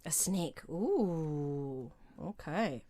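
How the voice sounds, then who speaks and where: A woman's voice: low-pitched, expressive, drawn-out words, dark tone. A woman hosting an interview and reading out fan questions. She is bubbly and giggly, reacting to answers with gasps and exclamations. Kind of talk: casual interview chat.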